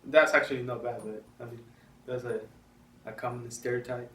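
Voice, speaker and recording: A man's voice: mid-range voice, steady tone, normal speed, fairly bright tone. Young Salvadoran man, Spanish native, hesitant, roomy distant mic, faint hiss. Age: young adult. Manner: hesitant, many fillers. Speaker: interviewee. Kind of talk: documentary interview.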